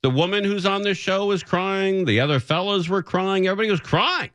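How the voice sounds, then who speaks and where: A man's voice: sits high, brisk, clean tone, no room sound. A man hosting a radio talk show, teasing and joking dryly with his co-hosts. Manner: wry, teasing deadpan jokes. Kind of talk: casual on-air banter.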